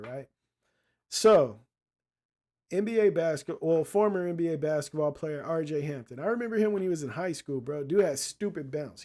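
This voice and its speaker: Man, podcast host, casual monologue, blunt and profane, street slang, slightly higher voice. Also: a little mellow.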